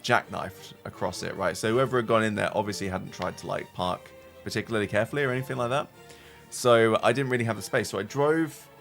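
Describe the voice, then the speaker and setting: A man with a low, gravelly voice tells a rambling story to his stream chat. He is animated and swears freely, tagging sentences with quick questions, while faint music plays behind him.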